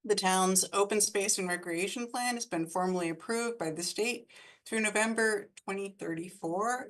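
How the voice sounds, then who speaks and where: A woman with a notably low voice, delivering an official report at a town board meeting. Her delivery is formal and prepared, read with care. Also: a bit bright, low-quality recording. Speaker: town administrator.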